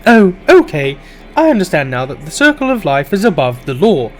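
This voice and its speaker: A man voicing an earnest, literal-minded male robot who speaks slowly, formally and stiffly. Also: high voice, sing-song, soft background music.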